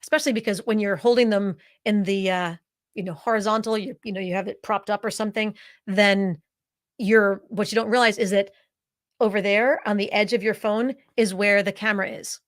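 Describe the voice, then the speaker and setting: A woman's voice: mid-range voice, steady tone, fairly quick. Emphatic woman coaching on a webinar. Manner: emphatic, repeats points for stress; conversational and direct. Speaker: podcast host and speaking coach. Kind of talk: live webinar presentation.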